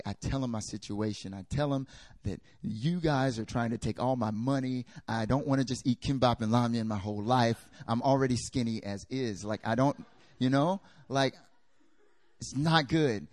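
A young adult man preaching a sermon, telling a personal story with lively, animated delivery and acting out the dialogue. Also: mid-range voice, no room sound, clean studio sound. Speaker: pastor.

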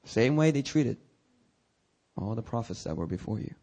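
Speaking at normal speed in a medium-pitched, somewhat dark voice with lively intonation, a male pastor gives a sermon. He talks conversationally and frankly to his congregation, sometimes erupting into dramatic, climbing cries.

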